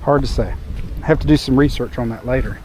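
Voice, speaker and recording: With the wind gusting across his mic, a forty-something travel vlogger holds a camera and chats with viewers while walking a trail high above a cove. His medium-pitched voice is a little mellow and quick.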